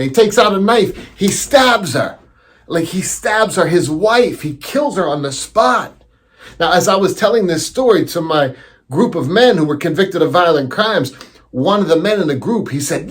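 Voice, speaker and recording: A man telling a teaching story as a lesson, animated and acting out the voices he quotes. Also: fairly high pitch, normal speed, breathy edge.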